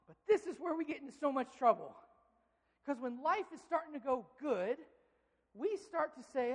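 A pastor preaching a sermon in an animated way, acting out inner voices. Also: high-pitched, normal speed, in a large hall.

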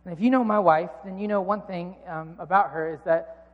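A man's voice: high voice, fairly even intonation, fairly quick, muffled recording. A man in his thirties preaching a sermon, telling a personal story with earnest, self-mocking humor. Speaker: pastor. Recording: long reverb of a large hall.

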